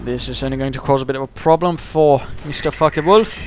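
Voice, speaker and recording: A man giving chatty play-by-play commentary on a strategy game match, getting excited at the big moments. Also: medium pitch, fast talker, a little hiss or hum.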